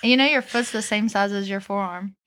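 An Appalachian woman co-hosting a podcast, chatting casually and teasing with quick quips. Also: mid-range voice, a bit bright. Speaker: podcast co-host. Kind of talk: casual chat.

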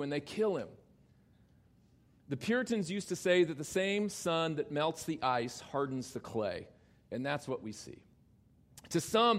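A man preaching a sermon as a pastor, talking emphatically and swinging between loud exclamations and quiet low asides. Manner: addresses children in the congregation directly.

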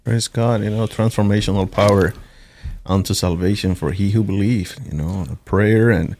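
A pastor answers in smooth, affirming church phrasing. His voice sits somewhat low, and he speaks in a conversational way. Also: normal speed, a little mellow. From Venezuela. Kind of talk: conversational interview with preaching phrasing.

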